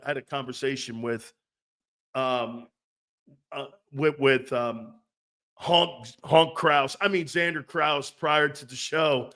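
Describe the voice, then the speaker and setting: A man's voice: mid-range voice, fairly bright tone. A man hosting sports talk radio, ranting in a brash, profane way and laughing between his jabs. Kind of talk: opinionated sports radio rant.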